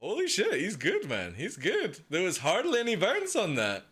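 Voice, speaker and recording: A man reacting casually on a live stream, excitable, swearing freely and laughing often. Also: sits high, normal speed, breathy edge.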